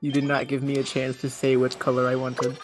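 A man playing cards with friends, dry and deadpan. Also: mid-range voice, fairly quick, faint music behind. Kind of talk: casual gameplay chat.

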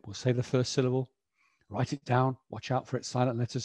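A man's voice: medium pitch, fairly even intonation, normal speed, a little mellow, dry recording. A middle-aged man presenting an educational webinar, chatty and explanatory, often saying "you know".

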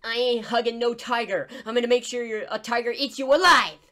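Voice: medium pitch, fairly quick, sharp tone, natural voice. A gameplay YouTuber doing a cranky cartoon duck voice, squawking insults and picking fights. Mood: bickering. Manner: squawky, bickering, trash-talking. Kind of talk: in-character game commentary.

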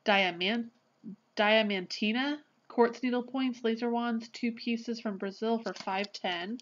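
A woman vlogger chatting casually through an unboxing, gushing and excitable, often apologizing as she shows things. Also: a little high, takes it slowly, lo-fi sound.

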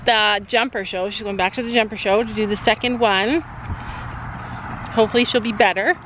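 A woman's voice: mid-range voice, steady tone, a little fast, fairly bright tone, lo-fi sound, slight background noise. A middle-aged woman chatting casually to her viewers at a horse barn, cooing soothingly to the horses between remarks. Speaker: vlogger, mother at a horse barn. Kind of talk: casual family vlog chat.

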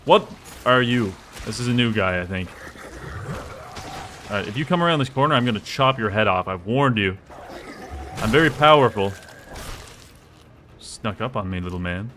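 A young man streaming a game, chatting casually with jokes and sudden excited exclamations as he plays. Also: on the low side, normal speed, long pauses, slight background noise. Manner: rambling, joking, bursts into excited exclamations. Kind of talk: casual live gameplay commentary.

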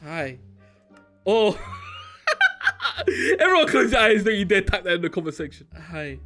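A young man doing playful gaming commentary, excitable and jokey, swinging between mumbled asides and shrieks. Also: high voice, quick pace. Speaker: Minecraft YouTuber. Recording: faint background music.

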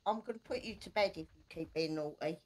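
A woman's voice: lowish voice, fast talker. A woman chatting casually while playing a game with friends, now and then calling to her cat. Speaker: co-player. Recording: music clearly behind.

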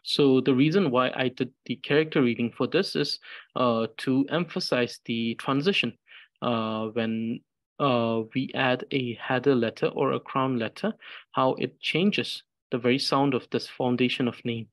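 A man teaching pronunciation, saying syllables slowly over and over for learners to repeat. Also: mid-range voice, dry recording. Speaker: language teacher. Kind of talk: slow pronunciation drill.

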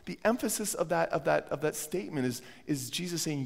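A man's voice: a little high, lively intonation, a little fast, creaky. A man preaching a sermon as pastor while he has a cold, earnest and often repeating words as he restarts his phrases. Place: church sanctuary. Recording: long church hall reverb.

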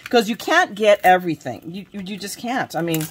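A woman's voice: mid-range voice, animated, fairly quick, breathy edge. Chatty woman showing off craft supplies. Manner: chatty and self-deprecating, rambling with restarts. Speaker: craft vlogger. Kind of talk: casual show-and-tell of craft supplies.

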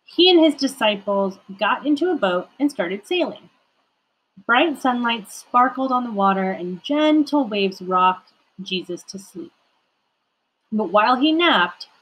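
Young woman, children's read-aloud, expressive, slow, breathy. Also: mid-range voice, low-quality recording. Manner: warm, expressive storytelling. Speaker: children's ministry reader.

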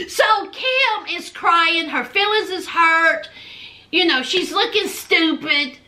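High bright sassy woman vlogger. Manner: chatty, sassy storytelling with quoted lines. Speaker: reality TV recap vlogger. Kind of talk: casual recap commentary.

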